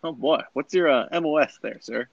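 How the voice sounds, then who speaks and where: A man's voice: a little high, a little fast, gravelly, no echo. Playful young man interviewing on a podcast. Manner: amused, playful, laughs often. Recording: dry dull lo-fi recording.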